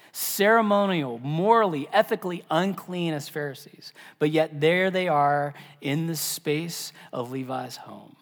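A man preaching a sermon as pastor, animated, dropping to a whisper for emphasis. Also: high-pitched, in a large hall. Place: church.

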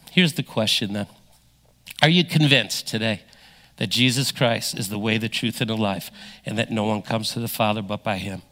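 Middle-aged male pastor, emphatic sermon delivery, high and bright. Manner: emphatic preaching, swinging from loud to hushed.

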